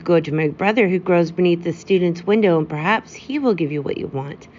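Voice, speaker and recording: A proud yellow rose tree describes its blooms in ornate speech, as a woman reads it. The voice sits low, and the recording is dull, with a faint background hiss. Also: fairly quick, close to an everyday voice.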